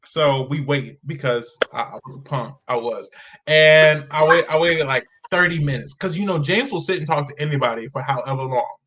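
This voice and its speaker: A young man with a bright, forceful voice that sits a little high for a man. He tells his stories with plenty of energy and acts out the people in them. He is heard over a video call. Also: moderate pace, a little hiss or hum, poor audio. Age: young adult. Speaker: guest. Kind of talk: animated storytelling.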